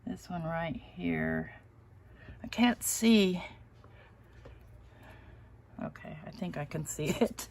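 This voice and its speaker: A woman's voice: fairly low pitch, takes it slowly, long pauses, a little mellow. A woman hosting a casual live crafting stream, chatty and self-deprecating, often laughing at herself. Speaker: crafting channel host.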